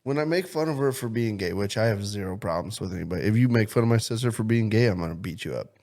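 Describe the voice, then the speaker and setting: A young man with a fairly low voice trades crude, profanity-laced jokes with a friend on a casual podcast. He talks loosely and confidently, like he's holding court. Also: animated, fast talker. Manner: loud, crude, joking, swears constantly. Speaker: podcast co-host.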